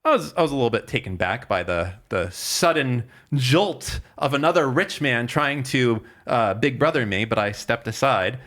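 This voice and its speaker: A man's voice: mid-range voice, expressive, normal speed, hardly any pauses, fairly bright tone. A man co-hosting a podcast in casual chat, telling a long story with many fillers, restarts and swearing. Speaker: podcast co-host.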